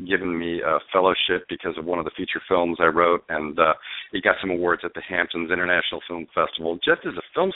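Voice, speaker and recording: Low-voiced guy on a phone call, tinny dry line, author rambling excitedly with lots of uhs. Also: no room sound. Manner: animated storyteller, halting with fillers and restarts. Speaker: novelist and screenwriter guest. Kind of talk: phone interview, storytelling answers. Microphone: telephone.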